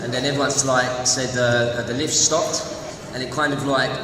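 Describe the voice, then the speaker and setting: A man's voice: medium pitch, flat delivery, moderate pace, background noise. Rambling man in a distant echoey hall. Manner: rambling, restarting. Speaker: cast member interviewee. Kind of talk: anecdote.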